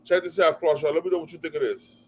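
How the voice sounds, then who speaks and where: A man's voice: fairly high pitch, steady tone, quick pace, a little mellow. A man on the panel who cuts in with short, casual remarks. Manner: brief casual interjections.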